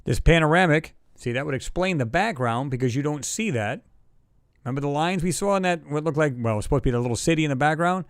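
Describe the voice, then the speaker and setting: A man's voice: a little high, lively intonation, fast talker, clean tone, no echo, studio quality. A man hosting a casual livestream chat, talking in a loose, rambling way and reading viewer comments aloud. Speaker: livestream host.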